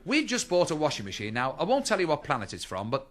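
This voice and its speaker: Performing live stand-up on stage, a middle-aged Liverpool man with a local accent jokes and teases the audience in a chatty way. His voice is a little high with huge pitch swings and a fast pace, and the recording is very noisy.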